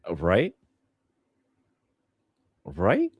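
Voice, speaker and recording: Deep-voiced joking podcast host man. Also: wildly swooping pitch, extremely slow, a little mellow, breathy edge, dry recording, studio quality. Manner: playful, joking, laughs a lot. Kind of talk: casual show review chat.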